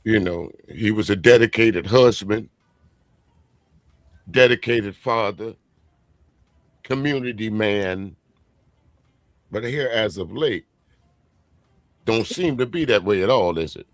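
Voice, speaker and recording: A man hosting a casual live stream chat show, talking in a laid-back, drawn-out way and chuckling often. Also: lowish voice, no room sound.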